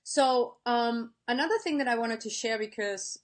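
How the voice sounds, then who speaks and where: A woman's voice: fairly high pitch, normal speed. A woman life coach giving an earnest live-stream talk, speaking straight to her viewers and reading out their comments. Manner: earnest, warm-hearted, speaks to viewers directly.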